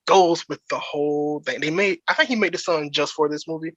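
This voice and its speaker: A man's voice: a little high, brisk, a bit bright, dry recording, lo-fi sound. A man hosting a podcast, chatting casually and in a laid-back way about a movie. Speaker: podcast host.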